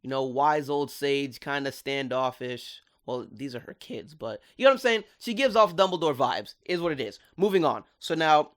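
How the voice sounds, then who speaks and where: A man talks through a cartoon episode in casual video commentary. His voice sits at a middle pitch, and he is animated and enthusiastic, with plenty of slang. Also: moderate pace, hardly any pauses. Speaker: cartoon reviewer.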